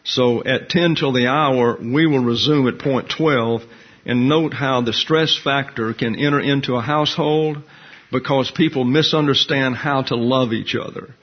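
A man's voice: mid-range voice, unhurried, lo-fi sound. A man teaching a Bible class in a conversational way, asking his listeners questions as he explains.

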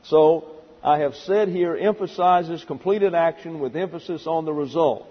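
A man with a husky, slightly high voice delivers a methodical Bible lesson, counting off numbered points and dropping dry asides. The sound is dull and lo-fi, with a long hall reverb. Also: a little slow. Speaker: pastor. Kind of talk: expository Bible teaching.

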